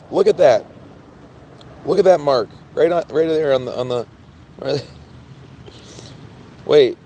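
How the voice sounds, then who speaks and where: A hoarse man chatting casually on a live stream, playful and teasing, repeating himself. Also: on the high side, lively intonation, unhurried, pauses often, dark tone, a little hiss or hum.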